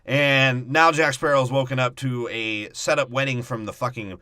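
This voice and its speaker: A young man co-hosting a comedy podcast, breaking down a movie plot in crude, profane riffs and quick mocking impressions. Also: mid-range voice, fairly even intonation, bright, forceful tone, clean tone, no room sound. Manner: crude, profane, jokey, mimics characters in quick voices. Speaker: podcast co-host.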